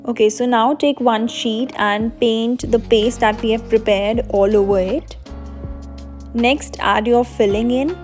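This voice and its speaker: A woman's voice: on the high side, fairly even intonation, a little slow, soft background music. A young woman, host of a cooking channel, explaining a recipe step by step in a voice-over.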